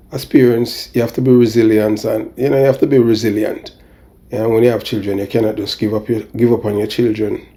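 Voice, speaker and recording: A man's voice: on the low side, vocal fry, warm tone. A man hosting a commentary show, talking earnestly to viewers and leaning on "you know" and "you understand.".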